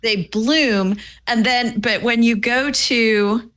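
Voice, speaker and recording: Playful bright-voiced woman panelist. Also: fairly high pitch, takes it slowly. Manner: playful, giggly, teasing. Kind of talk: casual tech talk show banter.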